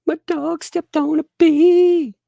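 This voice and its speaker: A shrill, sobbing falsetto woman. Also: level tone, vocal fry, warm tone, dry recording, heavily acted. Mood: whiny sing-song. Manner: drawn-out, sing-song sobbing. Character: mocking falsetto of a sobbing actress.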